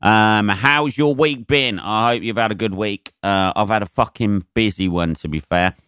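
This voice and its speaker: A man's voice: lowish voice, normal speed, fairly bright tone, clean tone, no echo, studio quality. A man hosting his own podcast in a casual, rambling, sweary chat full of fillers. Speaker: podcast host and stand-up comedian.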